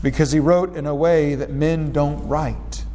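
A man's voice: unhurried, big-room sound, slight background noise. A man preaching a verse-by-verse sermon, acting out quoted lines and asking his listeners rhetorical questions. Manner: animated, acts out quoted lines with rising pitch; asks the congregation rhetorical questions. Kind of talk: expository sermon.

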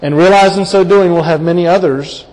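A man preaching a sermon and working verse by verse through scripture. He speaks earnestly and drops to a quiet voice when he wants to stress a point. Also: high-pitched, fairly even intonation, a little fast. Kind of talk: sermon, Bible exposition. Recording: long hall reverb.

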